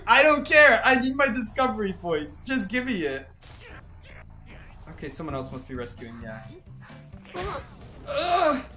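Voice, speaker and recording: A game streamer giving live gameplay commentary, excitable and swinging between shouts and flat exasperation. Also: medium pitch.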